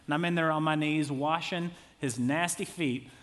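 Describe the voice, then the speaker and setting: A man's voice: fairly high pitch, fairly even intonation, moderate pace. A man in his thirties preaching a sermon as a pastor, talking in a conversational way with jokey asides.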